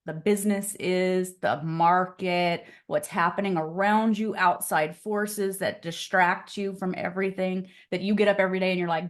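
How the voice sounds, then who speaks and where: A woman's voice: fairly low pitch, moderate pace, hardly any pauses. Chatty woman coaching an online class. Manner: energetic, chatty, many fillers like "like" and "okay?". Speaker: real estate coach.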